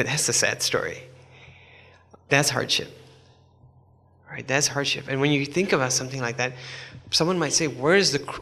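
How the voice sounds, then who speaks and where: A man's voice: mid-range voice, creaky, bright, forceful tone. A man telling a story in a sermon, in a conversational way with many asides. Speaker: preacher. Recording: long hall reverb.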